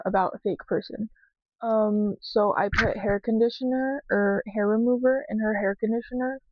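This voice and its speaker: A young woman rambles to her viewers in a casual confessional vlog, answering their questions with plenty of "um," "like" and curse words. Her voice is mid-range, and the audio is dull, with no room sound.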